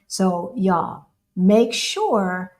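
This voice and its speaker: A woman's voice: mid-range voice, very animated, extremely slow, darkish tone. An American woman hosting a casual livestream with her partner, chatting and answering viewer questions. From United States. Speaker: co-host of a livestream.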